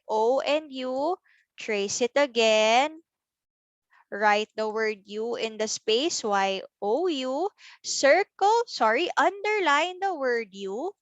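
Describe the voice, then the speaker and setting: Slow high-voiced preschool teacher. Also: female voice, fairly bright tone, no room sound. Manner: slow, clear, sounding out letters for small children. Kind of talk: recorded class lesson.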